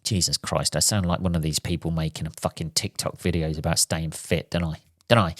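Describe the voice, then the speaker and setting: A man's voice: very deep voice, fairly even intonation, fairly quick, no echo, clean studio sound. Sweary man ranting on his podcast. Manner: sweary, rambling comic rant. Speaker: podcast host. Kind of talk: casual solo podcast monologue.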